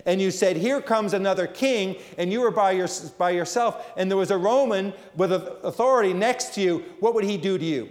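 High-voiced preacher in a reverberant hall. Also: male voice, fairly quick, few pauses, darkish tone. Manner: emphatic, repeats phrases, frequent restarts. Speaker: pastor. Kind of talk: sermon.

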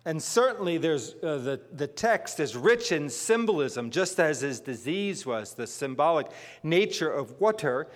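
A man's voice: a little high, sing-song, a little slow. A man from northern New Jersey giving a sermon, reading scripture and adding conversational asides. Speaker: preacher. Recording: long reverb of a large hall.

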